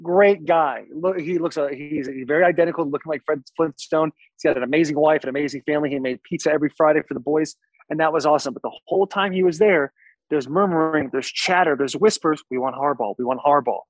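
A man's voice: on the high side, fast, dry recording, low-quality recording. A young man, a pro football player, chatting as a podcast guest in a boisterous, laid-back storytelling way. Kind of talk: casual podcast chat.

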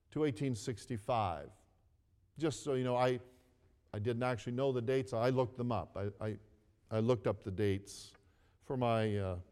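A man's voice: mid-range voice, a little mellow, clear, resonant tone, in a large hall. A male preacher giving a sermon, telling a story earnestly, repeating phrases and inviting listeners to read scripture along with him.

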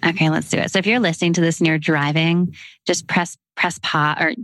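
A fairly low-voiced Canadian woman in her thirties, moving between lively casual chat and calm, unhurried breathwork guidance. She leads the exercise softly, with long pauses between cues. The recording is dry and close. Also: no room sound. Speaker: breathwork guest.

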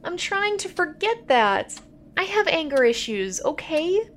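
A woman's voice: very high voice, sing-song, measured pace, a little hiss or hum, full character voice. A woman playing a chatty, gossipy young woman who laughs easily, in an audio drama.

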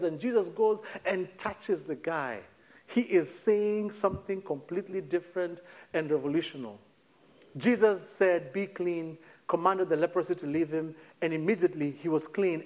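A male pastor preaching a sermon, dropping to a near hush on key words and then lifting again, slowing down for emphasis. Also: high voice. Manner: preaching with dramatic drops to a near hush and sudden lifts; slows right down on key phrases.

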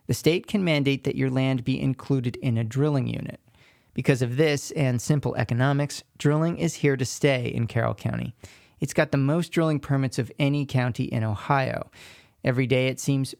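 Male radio reporter, gravelly, dry close sound, measured scripted delivery. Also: medium pitch, no echo. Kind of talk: scripted news narration.

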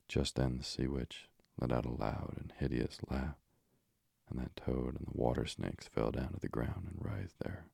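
A man narrating a fairy tale in a slow, measured reading. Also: a bass voice, vocal fry, mellow, slightly rough, dry recording, clean studio sound.

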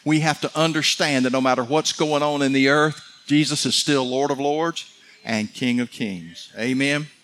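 A middle-aged man preaching a fervent sermon, building to excited peaks. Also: medium pitch, normal speed. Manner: fervent, rising to shouts of excitement. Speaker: pastor.

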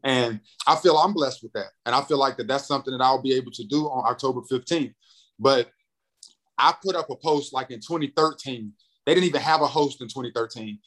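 Young guy from north carolina, comedian, talks big and jumpy, voice swings high on quotes. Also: a little fast, low-quality recording. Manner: animated, acts out quotes with big pitch jumps. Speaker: comedian and radio host, guest. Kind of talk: casual interview storytelling.

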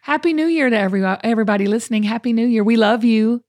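A woman's voice: on the high side, racing, a little mellow, dry recording, studio quality. A middle-aged woman, hosting a casual chat and talking in an upbeat, motivational way. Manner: upbeat, motivational, uses y'all. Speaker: show host.

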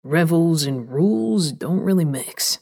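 A woman's voice: low-pitched, expressive, unhurried, gravelly, a little mellow, voice pushed down, heavily acted. A woman voicing an earnest, laid-back young man in an audiobook, speaking easily and sincerely. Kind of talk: audiobook character voice.

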